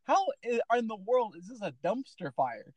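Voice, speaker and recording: A man's voice: high voice, very animated, normal speed, no echo. A man co-hosting a sports talk show, chiming in with sarcastic jabs at a rival team. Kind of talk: casual sports podcast chat.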